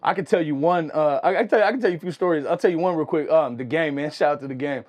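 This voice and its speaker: Fast-talking, animated young man. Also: a little high. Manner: animated, slangy, full of "you know what I'm saying". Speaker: music producer guest. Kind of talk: casual storytelling.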